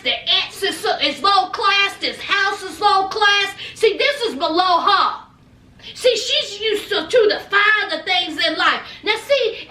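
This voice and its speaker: A woman's voice: extremely high pitch, bright, forceful tone, reverberant, far from the mic. A woman giving a sassy, casual recap of a reality TV episode, calling her listeners honey.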